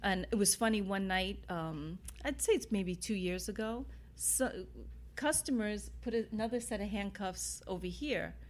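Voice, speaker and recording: A woman's voice: mid-range voice, a little slow. New woman, bar owner, casual interview guest, rambling anecdotes. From New York City. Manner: rambling, full of "you know" and "like", laughs while telling stories. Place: inside an old bar.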